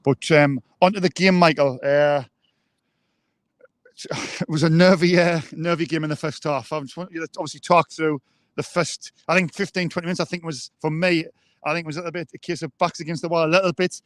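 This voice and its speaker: A man's voice: a little high, fairly even intonation, a little fast, no room sound. A man co-hosting a live football fan show, hesitant, with many ums and restarts. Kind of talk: live fan podcast chat.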